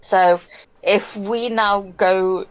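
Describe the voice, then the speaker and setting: A woman's voice: medium pitch, clean tone, faint music behind, poor audio. Woman co-host, mid-range voice, casual reader, laughs easily. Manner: relaxed, chatty, quick to laugh. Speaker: let's play co-host. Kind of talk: casual game commentary and reading.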